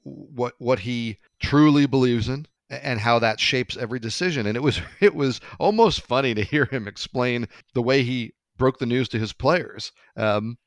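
A man's voice: medium pitch, normal speed, hardly any pauses, no echo. Conversational man hosting sports talk. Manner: conversational, hesitant, asks co-host questions.

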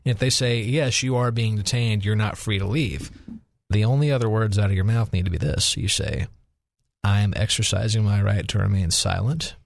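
A man's voice: on the low side, moderate pace, creaky, no echo. A man, an attorney on a radio talk show, explaining legal advice step by step. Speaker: attorney guest.

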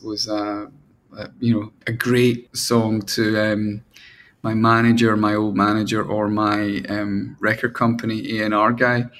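A man's voice: mid-range voice, a bit bright. Self-mocking middle-aged male songwriter. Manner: self-mocking, halting with many restarts, mimics his own inner voices. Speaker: band frontman and songwriter. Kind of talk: candid casual interview talk.

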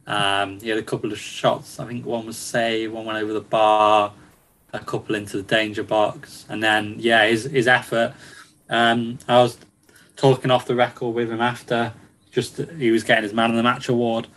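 A man's voice: mid-range voice, level tone, moderate pace, fairly bright tone, poor audio. A man chatting casually about football on a podcast, with many ums and restarts and frequent laughs. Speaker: football reporter.

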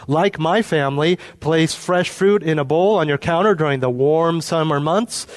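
Man preaching a sermon with homely examples. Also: on the high side. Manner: explains with homely examples, asks the listeners questions. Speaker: pastor.

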